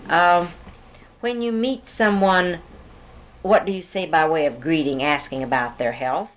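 Low-voiced woman running a patient interview. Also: measured pace, rough recording. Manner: patient, prompting with fill-in-the-blank questions. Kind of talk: dialect survey interview.

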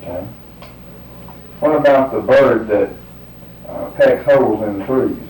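A man's voice: mid-range voice, takes it slowly, darkish tone, a little hiss or hum. A man interviewing someone, hesitantly prompting answers with example sentences. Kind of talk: dialect survey questioning. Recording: roomy, distant mic.

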